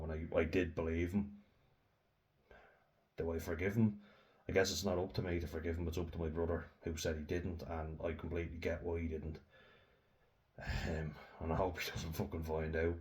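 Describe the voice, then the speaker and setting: Young Irish man, low monotone voice, heated sweary vlog storytelling. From Ireland. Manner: heated, sweary, laughs between lines. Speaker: vlogger. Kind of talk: casual storytelling monologue.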